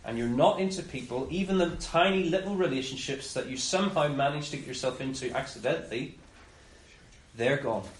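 A man preaching a conversational sermon, often voicing the master's words in quick asides. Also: mid-range voice. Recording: roomy echo with faint ambience.

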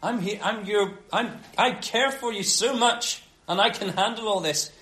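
A preacher voicing a calm, stern teacher who speaks low and earnestly, in a roomy space. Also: male voice, unhurried. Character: calm, stern teacher reassuring his followers. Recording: roomy echo.

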